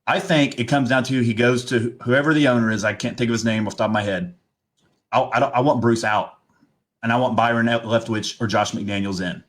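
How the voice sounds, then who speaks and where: A man co-hosting a casual football talk show, opinionated and rambling as he lays out his take. He talks in an animated, loose way. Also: medium pitch, fairly quick. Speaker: podcast co-host.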